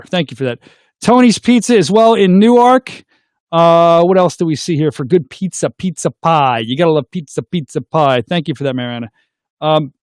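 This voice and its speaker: Casting note: goofball male call-in host, quick and high. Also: dry recording, clean studio sound. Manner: goofy, excitable, makes silly sound effects. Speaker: host of a call-in livestream show. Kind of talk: casual call-in chat.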